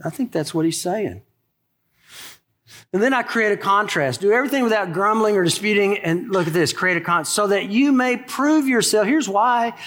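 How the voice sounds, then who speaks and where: A man's voice: high voice, normal speed, a bit bright. A man in his sixties, a pastor preaching a sermon in a conversational, folksy way with asides to the congregation.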